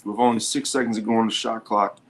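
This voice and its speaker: In a lowish voice and at a fast clip, a sports show host gives excited live commentary on a basketball game, often repeating himself.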